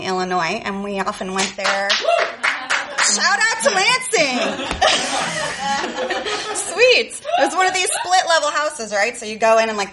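A woman's voice: a little high, noisy background. A woman from Chicago telling a profane, sarcastic personal story to a live audience, laughing often. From Chicago, USA.

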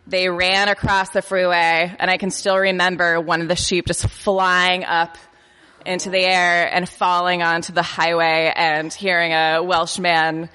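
A woman with a bright, forceful voice tells a self-deprecating personal story, stumbling over her words and breaking into laughs. Her voice rings out with a long hall reverb behind it. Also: on the low side, level tone, a little slow, clear, resonant tone. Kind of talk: personal anecdote told to an audience.

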